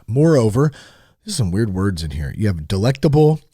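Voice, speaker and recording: A man's voice: fairly low pitch, very animated, moderate pace, dark tone, breathy edge, no echo, clean studio sound. A man hosts a podcast, reading an article aloud in a joking way and mocking its wording. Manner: playful, mocks the wording, laughs often. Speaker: podcast host. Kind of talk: joking read-through of an article. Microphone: studio mic.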